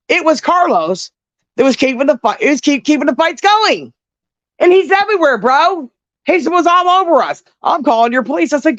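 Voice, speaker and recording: A middle-aged woman caller telling stories in casual chat, animated and full of swearing. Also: high-pitched, brisk, no room sound, lo-fi sound. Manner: profane, animated storytelling.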